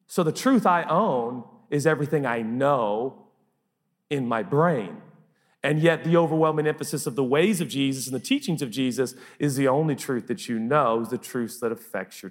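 A man preaching a sermon as pastor, emphatic and repeating phrases for effect, in a large church hall. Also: fairly high pitch. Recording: long reverb of a large hall.

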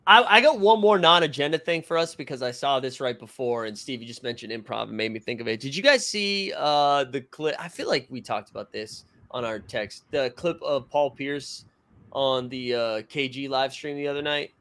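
Co-hosting a casual sports talk podcast, a man tells anecdotes with animation and laughs his way through them. His medium-pitched voice is expressive and sharp-toned, at a moderate pace.

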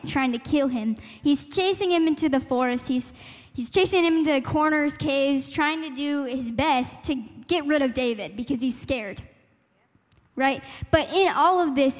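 A woman sharing a personal story at a church youth gathering, earnest and reflective, with light laughs and searching fillers. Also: sits high. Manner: reflective, laughs lightly, talks through her thoughts with fillers. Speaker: panel speaker sharing a testimony. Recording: echoey hall reverb.

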